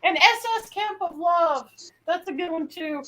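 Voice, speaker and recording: A woman's voice: very high voice, measured pace, bright, forceful tone. A woman co-hosting a casual podcast chat, playful and laughing often. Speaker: podcast co-host.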